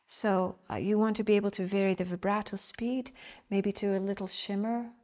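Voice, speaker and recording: A woman teaching flute, talking calmly and thoughtfully. Her voice sits at a middle pitch. She explains with gentle, reflective phrasing and vivid images. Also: moderate pace. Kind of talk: instructional explanation.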